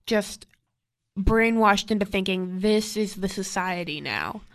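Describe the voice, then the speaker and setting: A woman's voice: mid-range voice, slow pace. Matter-of-fact woman summarizing a film. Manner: plain, matter-of-fact, filler-heavy. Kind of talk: casual podcast chat, summarizing a film.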